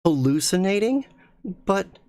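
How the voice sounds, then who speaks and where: A man voicing a terrified young woman who pleads in a high strained voice. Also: sing-song, takes it slowly, no room sound, full character voice. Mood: confused. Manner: high strained yelling pleas.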